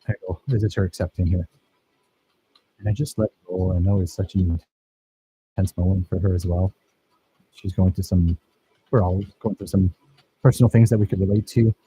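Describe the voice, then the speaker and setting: A man's voice: low voice, steady tone, moderate pace, pauses often, dark tone, husky, poor audio. A man teaching a filmmaking workshop, talking casually and enthusiastically over his own footage and praising his students.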